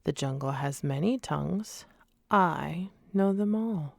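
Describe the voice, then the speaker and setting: Woman doing a man-cub, whispered role-play, boastful, raised higher voice, gravelly, dry close mic. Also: lively intonation, slow, a little mellow, no room sound, full character voice. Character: boastful young male man-cub, cheeky and proud. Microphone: close studio mic, dry.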